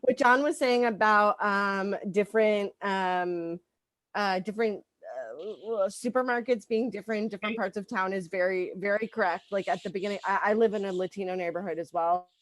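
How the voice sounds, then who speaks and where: A woman's voice: medium pitch, normal speed, hardly any pauses, a bit bright, no echo. A woman doing a stand-up comedy set, rambling with lots of ums and likes.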